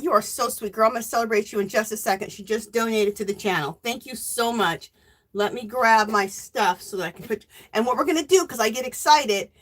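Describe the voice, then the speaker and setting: A woman hosting a casual crafting live stream, warmly greeting viewers by name and reading their chat messages aloud. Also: fairly high pitch. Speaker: livestream host.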